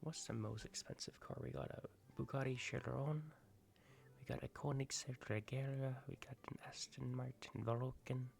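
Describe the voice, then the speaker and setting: A man hosting an ASMR gaming video, rambling in soft-spoken commentary that drifts between a quiet voice and whispers. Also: medium pitch, steady tone, moderate pace, gravelly.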